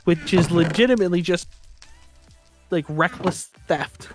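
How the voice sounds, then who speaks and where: A man's voice: high-pitched, a little slow, faint music behind. Exasperated man rambling on a livestream. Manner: rambling, exasperated, many restarts. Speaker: streamer. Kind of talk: casual livestream chat.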